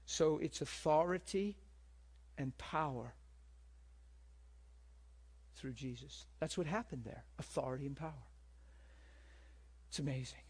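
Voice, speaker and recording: A man's voice: on the high side, measured pace, long pauses, a little mellow, husky. A man preaching a sermon to a live audience, telling stories and asking the room questions. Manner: storytelling, asks the room questions.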